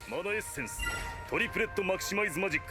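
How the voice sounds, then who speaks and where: A man imitating a male anime spellcaster, slowly chanting spell names in clipped katakana-style English. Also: sits high, expressive, music in the background, pitched above the performer's own voice. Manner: slow, clipped chanting of each spell name.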